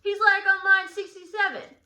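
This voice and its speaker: Here is a woman as Tybalt, a cocky and touchy young swordsman who guides a study lesson. The delivery is slangy and sarcastic, pitched high and bright. The sound is recorded in an echoey room. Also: little pitch movement, normal speed, heavily acted. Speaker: teacher in character as Tybalt.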